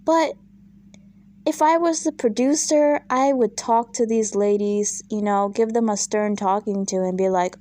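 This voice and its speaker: A woman's voice: medium pitch, a little slow, dark tone, no echo. A woman vlogging a casual, opinionated recap of a reality show, chatty and exasperated, full of fillers and asides.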